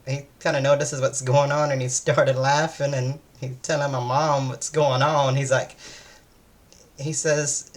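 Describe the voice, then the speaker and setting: Weary woman rambling softly. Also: extremely low pitch, level tone, measured pace. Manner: meandering and hesitant, with many fillers and restarts. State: weary, low-energy. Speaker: vlogger. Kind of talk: casual day-in-my-life chat.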